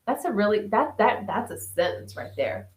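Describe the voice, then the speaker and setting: A woman's voice: medium pitch, big pitch swings, normal speed. A woman hosting a mindfulness talk, chatting casually, thinking aloud and reading out viewer comments. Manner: chatty, thinks aloud with many restarts and "right?". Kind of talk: casual live-stream chat. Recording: roomy echo.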